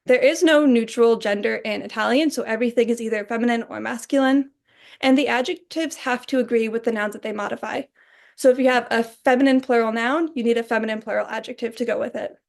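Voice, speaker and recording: A young adult woman giving a recorded class presentation, explaining points in a clear, orderly way. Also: a little high, fast talker. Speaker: student presenter.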